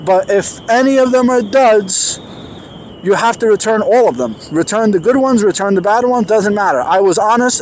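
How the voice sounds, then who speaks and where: A man telling a personal story in an animated, emphatic way, acting out the dialogue. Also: high voice, slight background noise. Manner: excited, emphatic, acts out quoted dialogue.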